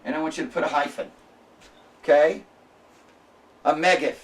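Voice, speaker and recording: A man lecturing a classroom, slowly spelling out sounds and checking in with his students. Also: fairly high pitch, distant mic.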